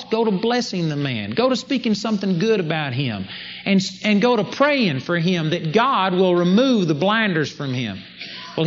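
A man preaching a sermon, telling stories and acting out the prayers he quotes. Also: sits high. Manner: storytelling, acts out quoted prayers in a raised voice. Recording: dull lo-fi recording with faint ambience.

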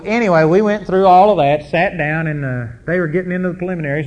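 A middle-aged preacher with a slightly high, darkish voice shares personal stories in his sermon. His folksy, emphatic storytelling builds in intensity as he goes.

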